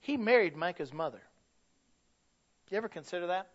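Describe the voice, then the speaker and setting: A man preaching a sermon, telling stories and building to loud, emphatic points. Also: high-pitched, expressive, a little fast. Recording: dull lo-fi recording.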